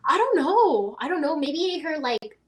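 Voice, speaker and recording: A woman from Las Vegas, a podcast guest, telling stories in casual chat, animated and full of laughter and filler words. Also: high voice, measured pace. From Las Vegas, USA.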